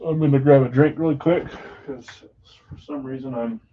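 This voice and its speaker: A man's voice: on the high side, normal speed, a little hiss or hum. A man hosting a live sports card break stream, chatting casually with viewers and reading their comments aloud. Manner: chatty, counts down excitedly, reads viewer chat. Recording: slightly dull lo-fi stream audio.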